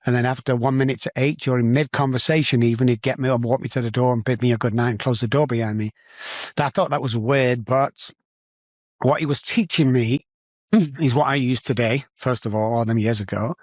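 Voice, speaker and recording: Middle-aged manchester guy telling his story on a podcast, mid-pitch voice, acts out the dialogue, dry close mic. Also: fairly even intonation, fairly quick, no echo. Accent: Manchester English. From England. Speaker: podcast guest. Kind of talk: personal storytelling in an interview.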